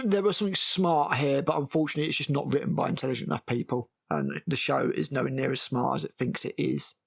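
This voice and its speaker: Guy ranting about a tv show, gravelly and a bit husky, swears a lot. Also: mid-range voice. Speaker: TV critic. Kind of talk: casual spoken review.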